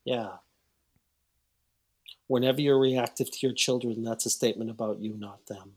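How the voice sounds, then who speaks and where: A male psychologist on a podcast, talking at an everyday middle pitch. His voice has a soft breathy edge, and he rambles through anecdotes, slipping into the voices of the people he quotes. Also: normal speed. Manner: rambling, animated storyteller who acts out quotes. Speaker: psychologist and author, podcast guest. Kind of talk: storytelling in a casual interview.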